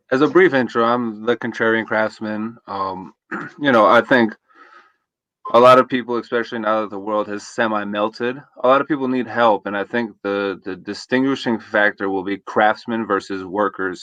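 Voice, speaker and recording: A man's voice: fairly low pitch, moderate pace, fairly bright tone, no echo, dull audio. A man speaking as a guest on a live online show, talking casually with lots of fillers over a video call. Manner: casual, rambling, filler-heavy. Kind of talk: interview conversation.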